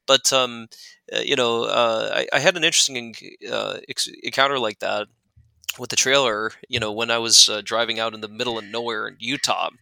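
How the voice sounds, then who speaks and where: A man's voice: medium pitch, steady tone, fairly quick, vocal fry, bright, forceful tone, no echo. A man in casual interview chat about gliding, rambling with many fillers and restarts. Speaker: guest glider pilot.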